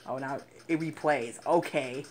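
A teenage boy giving excitable gaming commentary, swearing and laughing often. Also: medium pitch, measured pace, a little hiss or hum, low-quality recording. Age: teens. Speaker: gaming YouTuber. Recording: game music playing behind the voice.

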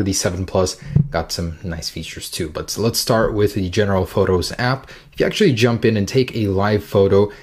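Chatty guy with a lowish voice, hyped tech review walkthrough. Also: darkish tone, husky. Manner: upbeat, chatty, enthusiastic. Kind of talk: casual demo walkthrough.

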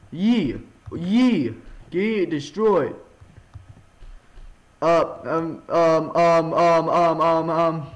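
A man giving casual let's-play commentary on a horror game, excitable, laughing a lot and yelping when scared. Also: on the high side, slow, low-quality recording. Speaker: gamer playing a horror game.

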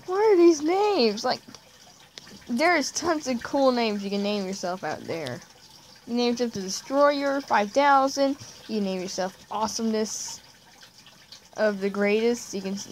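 A woman giving casual, chatty commentary while playing a game, giggling often and trailing off quietly at the ends of sentences. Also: on the high side, a little hiss or hum. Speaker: gameplay vlogger.

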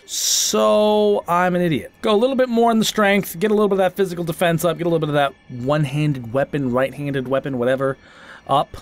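A man giving comic let's-play commentary, excitable and self-mocking, trash-talking enemies with sudden shouts. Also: on the high side, brisk. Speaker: gaming channel host.

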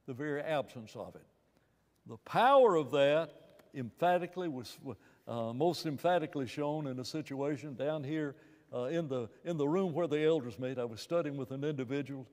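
A man's voice: on the high side, normal speed, darkish tone, long reverb tail. A man preaching in a church Bible class, emphatic, asking rhetorical questions and often restarting his phrases. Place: church room.

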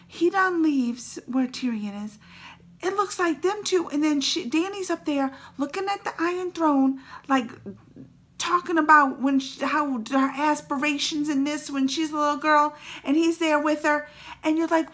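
A woman hosting a casual reaction video, retelling a story in an excitable, emotional way with dialect phrases and a creaky, teary edge. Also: sits high, unhurried. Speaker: YouTube reaction host.

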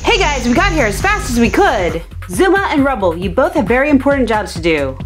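Woman doing a steady boy rescue leader. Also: on the high side, a little fast, over music, pitched below the performer's own voice. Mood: reassuring. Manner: steady, giving orders. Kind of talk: toy play-acting.

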